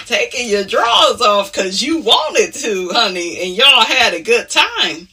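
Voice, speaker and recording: A woman's voice: fairly high pitch, big pitch swings, unhurried, hardly any pauses, sharp tone, husky, far from the mic. A woman talking casually as she recaps reality TV. She is sassy and outspoken and keeps dropping "honey" and "okay?" as asides. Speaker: reality TV commentator.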